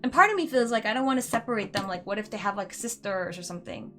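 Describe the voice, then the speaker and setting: A woman's voice: mid-range voice, expressive, fast talker, a bit bright, soft background music. A woman streaming a game, giving casual, rambling commentary full of "like" and "you know". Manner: chatty, rambling, uses "like" a lot.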